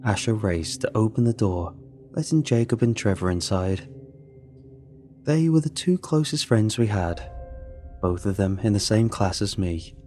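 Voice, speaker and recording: A man reading a first-person story in a steady, dry narrating manner. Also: fairly low pitch, unhurried, soft background music.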